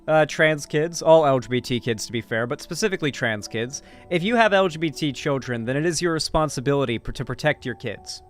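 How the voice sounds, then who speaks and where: A man's voice: a little high, a bit bright. A man doing livestream reaction commentary, talking casually, profanely and rambling to his chat. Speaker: streamer and political commentator.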